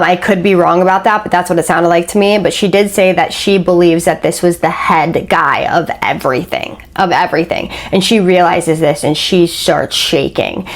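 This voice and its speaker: Lowish-voiced woman retelling a story. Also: fairly even intonation, normal speed, few pauses. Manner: chatty, with fillers and restarts.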